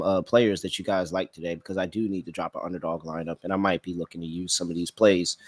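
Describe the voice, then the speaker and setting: A man's voice: deep voice, no room sound. A man hosting a sports betting podcast in casual live-stream chat, thinking aloud and reacting to viewers' comments.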